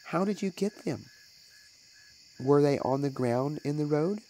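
Man voicing a mother, raised pitch, earnest, firm, storybook reading. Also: lively intonation, unhurried, mellow, slight background noise, poor audio. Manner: earnest, decided. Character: earnest, firm mother questioning her son.

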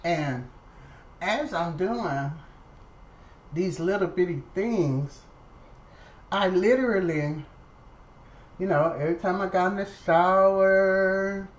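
Woman vlogger, unhurried storytime, lowish voice, faint room hum. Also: low-quality recording. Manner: chatty, repeats herself, addresses viewers as y'all. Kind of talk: casual storytime.

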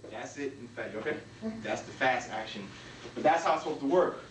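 A man teaching a martial arts technique, walking through each move and punctuating the strikes with sharp sound words. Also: fairly quick, background noise. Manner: talks while demonstrating moves, punctuated with "bam" and "boom". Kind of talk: demonstration walkthrough. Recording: echoey room, from a distance.

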